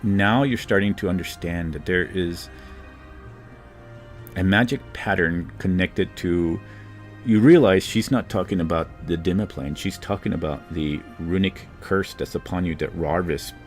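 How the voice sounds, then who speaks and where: Deep-voiced game master narrating. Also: male voice, unhurried, soft background music. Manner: loose, filler-heavy scene description.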